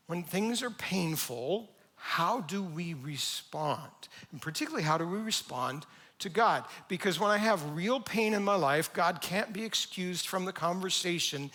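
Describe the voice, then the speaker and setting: Animated pastor preaching a sermon. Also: male voice, a little high. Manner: conversational and animated, acting out quoted lines. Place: church sanctuary.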